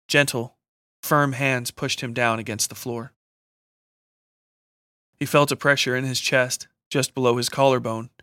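A man narrates a scripted horror story with steady, measured pacing. His voice is mid-pitched and bright with a forward edge. The recording is dry and close, with no room echo. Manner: steady, measured dramatic reading.

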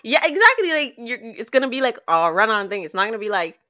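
Higher-voiced playful woman co-host. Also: sing-song, bright, forceful tone. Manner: quick agreeing interjections, playful. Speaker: podcast co-host. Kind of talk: casual chat.

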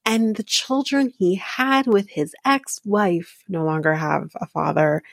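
A woman hosting a podcast, giving a candid, opinionated recap of a reality show, swearing freely and quoting the cast in a higher voice. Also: measured pace, vocal fry, no room sound, clean studio sound. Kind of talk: casual recap commentary.

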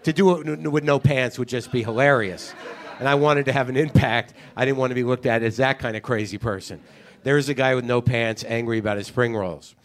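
A man's voice: mid-range voice, steady tone, brisk. A man hosting a podcast, telling an exasperated, profane story in a casual comedic monologue. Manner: ranting, profane, incredulous storytelling. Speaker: podcast host.

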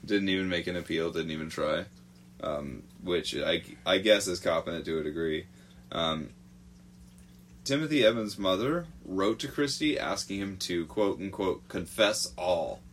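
Male podcast host, very low voice, loose halting true-crime narration. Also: expressive, a little hiss or hum. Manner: halting, many fillers, swears freely.

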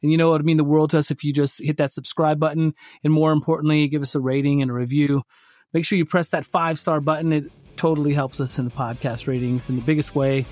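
A man co-hosting a podcast, telling a story in casual chat and acting out his own quotes with lively energy. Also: on the high side, quick pace, no echo. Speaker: podcast co-host.

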